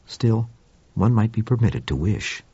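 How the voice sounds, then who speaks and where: A man voicing a gentle, furry male Martian with a soft, sibilant, formal way of speaking, in an audiobook reading. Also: lowish voice, expressive, gravelly, breathy edge, no room sound, highs cut off, exaggerated voice. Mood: calm. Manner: measured, formal speech.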